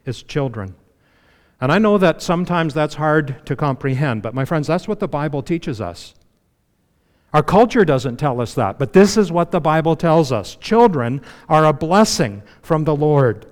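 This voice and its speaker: A man's voice: a little high, animated, moderate pace. Man preaching in a reverberant church. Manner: conversational preaching with frequent you-knows, dropping to a hush for emphasis. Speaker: pastor. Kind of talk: sermon.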